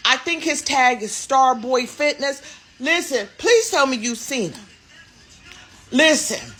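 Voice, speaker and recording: High, animated woman. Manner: animated, excited, emphatic. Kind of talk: casual social media video.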